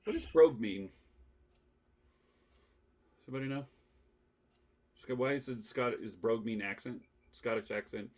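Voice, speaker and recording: A man hosting a casual podcast chat, animated and laughing often as he leads the talk. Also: medium pitch, normal speed, pauses often. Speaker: podcast host.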